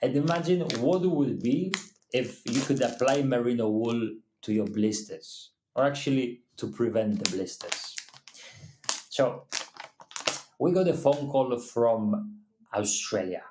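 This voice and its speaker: A man co-hosting a casual livestream, talking in halting, non-native phrasing with many restarts. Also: mid-range voice, noisy background. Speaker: co-host of a livestream. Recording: echoey room.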